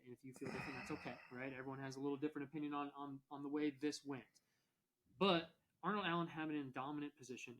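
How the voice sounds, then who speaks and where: A man co-hosting a sports podcast, talking quickly in a slightly higher voice. He agrees a lot, laughs often and fills his speech with um and uh. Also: a bit bright, dry recording, rough recording. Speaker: podcast co-host. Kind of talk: casual sports chat. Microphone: remote recording.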